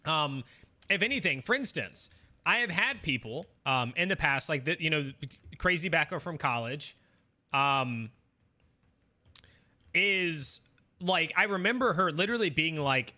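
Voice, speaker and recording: A man's voice: on the high side, animated, a little slow, pauses often, bright, forceful tone. A young man, a game streamer, chatting casually with his viewers in a rambling, defensive way with lots of fillers.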